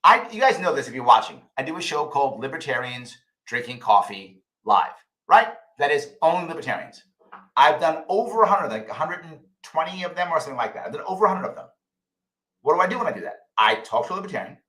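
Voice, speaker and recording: A man's voice: a little high, sing-song, fast talker, bright, forceful tone. A middle-aged man hosting a live ask-me-anything stream, emotional and repeating himself for emphasis, swearing casually. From United States. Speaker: host answering viewer questions. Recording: roomy echo.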